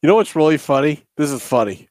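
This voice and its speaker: A man's voice: on the high side, lively intonation, quick pace, a little mellow, no room sound. A man hosting his own casual sports podcast, playful and giggling at the trolls. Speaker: podcast host. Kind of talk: casual chat, live podcast.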